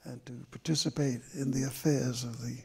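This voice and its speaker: An older man with a gravelly, rough-edged voice tells stories from his own life at a live stage talk. His tone is heavily husky and worn, and he moves slowly and thoughtfully through his memories with long pauses. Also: medium pitch, fairly even intonation, dark tone. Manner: slow and reflective, with drawn-out pauses. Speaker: memoir author in conversation. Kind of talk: reflective storytelling at a live talk. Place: stage event before an audience.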